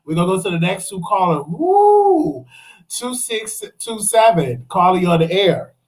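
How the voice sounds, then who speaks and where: A man's voice: high-pitched, brisk, poor audio. A man hosting a call-in show in an easygoing way, moderating callers. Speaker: host.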